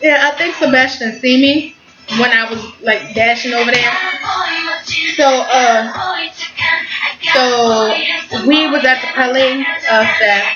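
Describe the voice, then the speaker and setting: A teenage girl with a high voice rambles excitedly through a story, swearing freely as she goes. Her voice sounds roomy and a little muffled. Loud music plays behind her. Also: slow, pauses often. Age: teens. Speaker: vlogger. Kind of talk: casual storytelling.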